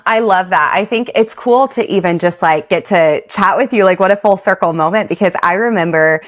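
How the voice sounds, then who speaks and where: A woman's voice: fairly low pitch, fairly quick. A young woman hosting a podcast, chatting in an enthusiastic, bubbly way with lots of filler words. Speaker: podcast host. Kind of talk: casual podcast chat.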